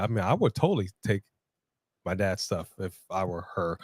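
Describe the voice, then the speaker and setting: A man co-hosting a live wrestling watch-along, chatting casually and breaking into shouts and laughter. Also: low voice, normal speed, breathy edge, no room sound, studio quality. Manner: excitable, bursts into shouts and laughter. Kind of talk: casual live commentary chat.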